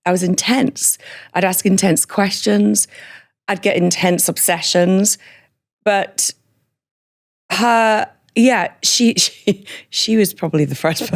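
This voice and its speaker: A woman with a hybrid northern English and Scottish accent tells her story in a candid interview. Her voice sits low and carries a gravelly rasp. She is frank and chatty and laughs often. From northern England. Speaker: podcast guest.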